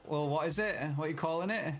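A woman's voice: low-pitched, fast talker, soft background music. A woman in casual party-chat banter, teasing her friend in a dry way.

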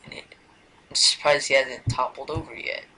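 A man's voice: mid-range voice, fairly even intonation, normal speed, sharp tone, husky, rough recording. A man giving casual let's-play commentary, rambling and hesitant, now and then dropping to a mumbled whisper. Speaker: gameplay commentator.

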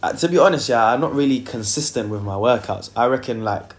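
A man's voice: medium pitch, lively intonation, a little fast. A young man, chatting casually on a phone livestream and reading out viewer comments in a loose, filler-heavy way. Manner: loose and chatty, many fillers, sings softly in between. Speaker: singer hosting a livestream.

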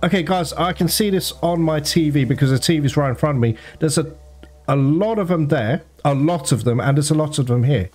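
A man commentating his own gameplay, excitable and prone to swearing and laughing. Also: a little high, fairly quick, soft background music. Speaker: gameplay streamer.

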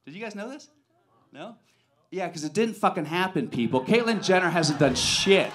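A male comedian works a club stage with a handheld mic, talking brashly and swearing freely. His speaking voice sits a little higher than most men's. It is a punchy stand-up delivery. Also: expressive, moderate pace, noisy background.

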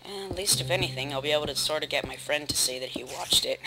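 A young man rambling through casual, self-mocking commentary while playing a building game, with sudden loud outbursts. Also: a little high, quick pace, heavy background noise. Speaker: gaming video host. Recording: game music playing behind. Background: game music.

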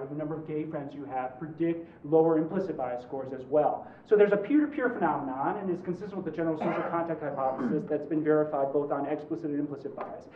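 Animated man lecturing in a roomy hall. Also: fairly high pitch, a little hiss or hum. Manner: animated and joking, with quick asides. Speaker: law professor giving a lecture. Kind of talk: conversational lecture. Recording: roomy, distant, dull hall recording.

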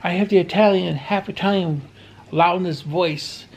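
Chatting at home for his vlog, a man rambles bluntly, cusses, and sometimes raises his voice. His voice sits high and slightly rough, delivered at a measured pace.

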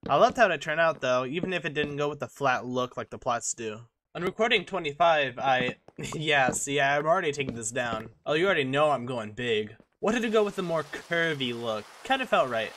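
A man's voice: a little high, expressive, moderate pace, a bit bright, slight background noise. A young man giving a casual, joking and self-mocking voice-over on his own gameplay footage. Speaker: gaming channel host.

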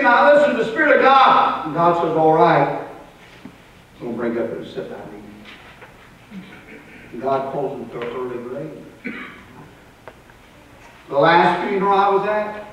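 A pastor preaching a sermon, swinging between loud and soft and repeating words. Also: male voice, fairly high pitch, lively intonation, moderate pace, long pauses. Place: church sanctuary. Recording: roomy live church recording from a distance.

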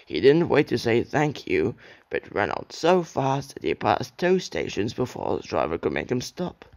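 A man's voice: mid-range voice, huge pitch swings, moderate pace, darkish tone, no room sound, dull audio. A young man reading a children's railway story aloud as an amateur narrator, with occasional slips.

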